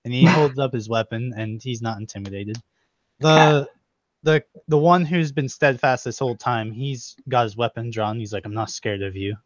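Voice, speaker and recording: A young man narrating as game master, laughing as he quotes characters in quick snatches. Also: mid-range voice, dry recording. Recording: dull, dry lo-fi recording.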